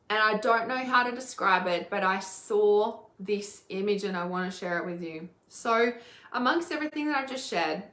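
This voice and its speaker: A woman's voice: mid-range voice, sharp tone. Aussie lady in her 40s venting to camera, swears a lot, kinda roomy echo. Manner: candid, swears freely, emphatic. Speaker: intuitive healer and mentor. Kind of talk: casual personal video talk.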